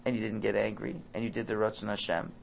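A man giving an informal Torah talk, animated and acting out parent and child dialogue. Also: fairly low pitch, fast talker, creaky, slight background noise.

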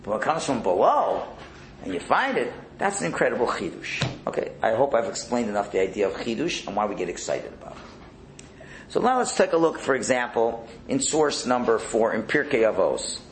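A man teaching a Torah class in a conversational, animated way, sometimes dropping to a near-whisper. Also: mid-range voice, a little fast. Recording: echoey room with faint background noise.

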